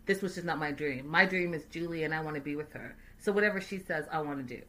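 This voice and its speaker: A woman voicing a grown son who quietly pleads and evades. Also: deep voice, fast talker, pitched below the performer's own voice. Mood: pleading.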